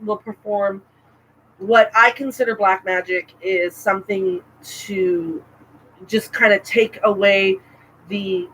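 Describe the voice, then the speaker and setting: A woman co-hosting a casual podcast chat, talking in an animated, rambling way with frequent restarts. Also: medium pitch, takes it slowly, slight background noise, poor audio. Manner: chatty, animated, self-interrupting with restarts. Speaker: podcast co-host.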